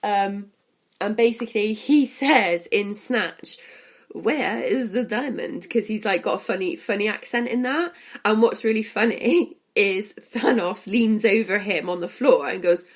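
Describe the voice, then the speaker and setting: A woman co-hosting a podcast chats casually about a film, retelling scenes and laughing often. Her voice is mid-range and she speaks a little slowly.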